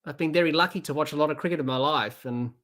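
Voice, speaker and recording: Woman hosting a cricket watch-along stream, excitable, slightly low voice, keeps answering chat. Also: quick pace. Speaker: podcast host.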